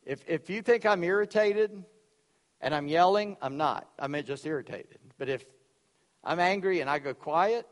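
A man preaching a sermon, loud and emphatic, dropping suddenly to quiet for effect. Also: high-pitched, in a large hall. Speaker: pastor.

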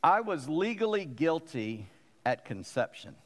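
A man's voice: on the high side, sing-song, measured pace, in a large hall. A man, a pastor preaching a sermon in an emphatic way and repeating phrases for stress.

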